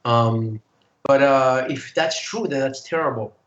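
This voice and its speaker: A man, a guest singer, telling animated stories in casual chat and acting out the voices of people he quotes. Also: mid-range voice, measured pace, roomy sound, lo-fi sound. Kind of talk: casual storytelling.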